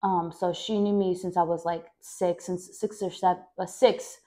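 A podcast host from Mexico narrates her own life at a moderate pace, her pitch moving little. Rambling and correcting herself mid-sentence, she fills gaps with "like" and renders quoted speech louder and higher.

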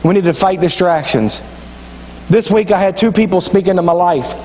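Pastor, high voice, folksy storytelling sermon in a reverberant sanctuary. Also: male voice, normal speed, a little mellow, slight background noise. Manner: folksy storytelling preacher, repeats phrases, drops into quoted voices. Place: church sanctuary. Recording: long church reverb.

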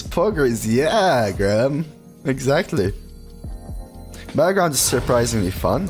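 A male streamer plays a digital card game, chatting in a relaxed way as his pitch bounces with each reaction. Between turns he reads and answers his chat aloud, speaking a little slowly and pausing often. Faint music plays under his voice.

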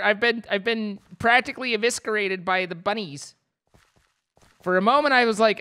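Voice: medium pitch, expressive, moderate pace, bright, forceful tone. A young adult streamer giving playful, rambling live commentary over a game, breaking into squeals of mock panic.

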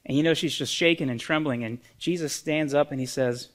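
A man's voice: on the high side, a little fast. Earnest conversational male preacher. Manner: conversational, earnest, repeats words. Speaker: pastor. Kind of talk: sermon.

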